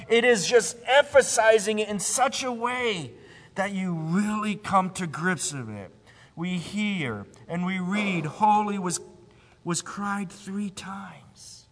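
A man preaching a sermon, emphatic, rising to loud cries and sinking to a low hush. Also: slow pace, big-room sound.

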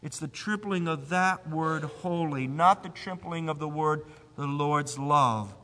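A man preaching a sermon, emphatic, rising to loud cries and sinking to a low hush. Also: measured pace, big-room sound.

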